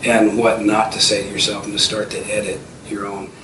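Telling stories as an interview guest, this entrepreneur in his fifties keeps restarting sentences and leaning on fillers. His lowish, slightly bright voice is completely flat and brisk. The audio is distant and roomy with a little background noise.

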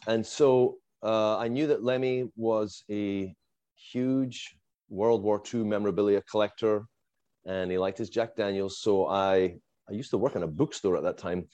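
A middle-aged man who immigrated to the United States chats casually, telling a long and animated story as a fan, peppered with fillers and small laughs. His voice is lowish and unhurried, and the recording is dry.

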